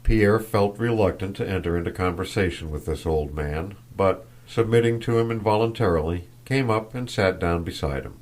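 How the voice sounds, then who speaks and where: Deep-voiced man narrating an audiobook. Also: moderate pace, few pauses. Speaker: audiobook reader. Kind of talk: scripted narration.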